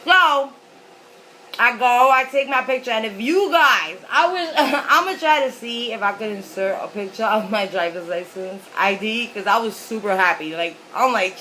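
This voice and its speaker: A woman vlogger rambles casually through a story as she eats, filling it with little fillers. Her voice sits fairly high and sounds bright, with a faint hiss of noise under the recording. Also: animated, moderate pace, low-quality recording. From New York City. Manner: chatty, rambling, lots of fillers. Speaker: mukbang vlogger. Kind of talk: casual storytelling while eating.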